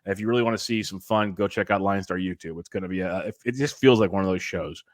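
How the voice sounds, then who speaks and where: A man hosting a casual sports podcast, energetic and rambling with lots of jokes. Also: low voice, fast, no room sound, studio quality. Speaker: podcast host.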